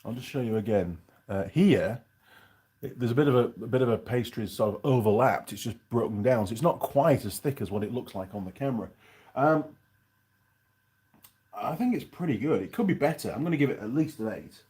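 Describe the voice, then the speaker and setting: A man's voice: mid-range voice, lively intonation, a little fast, dark tone. A man hosting a casual live stream, reviewing a pie and chatting in a rambling way while he eats. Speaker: channel host reviewing pies on a live stream.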